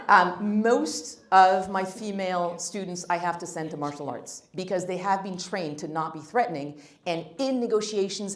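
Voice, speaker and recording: A woman giving a live workshop talk, blunt and emphatic with wry humor. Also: medium pitch. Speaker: workshop speaker. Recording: roomy hall.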